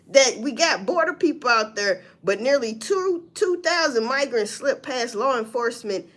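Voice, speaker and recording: Loud, profane woman riffing on the news. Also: fairly high pitch, measured pace. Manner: animated and profane, mocking news quotes, laughing, swinging from loud to mutter. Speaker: livestream host. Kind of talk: live-stream commentary reading news.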